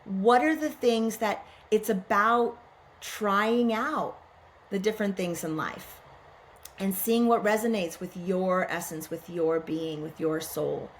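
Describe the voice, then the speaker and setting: A woman's voice: mid-range voice, unhurried, a little hiss or hum. A middle-aged woman guest on a podcast, talking in an earnest, musing way and often asking herself questions aloud. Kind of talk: reflective spiritual conversation.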